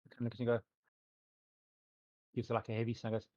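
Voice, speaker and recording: A man's voice: mid-range voice, completely flat delivery, fairly quick, a little mellow. Laid-back man narrating a tabletop game. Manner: loose, hedging description with many fillers. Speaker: game master. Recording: dull lo-fi recording.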